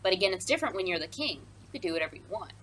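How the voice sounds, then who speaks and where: A woman's voice: mid-range voice, very animated, very fast, fairly bright tone, rough recording. Chatty woman teacher explaining a play. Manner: chatty, with many fillers and asides. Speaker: high school English teacher. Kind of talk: casual recorded lesson.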